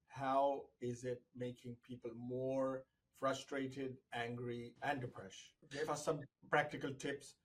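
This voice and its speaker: A man hosting an interview, asking measured questions with frequent "uh" and "um" fillers. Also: mid-range voice, little pitch movement, slight background noise, poor audio. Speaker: podcast host and interviewer.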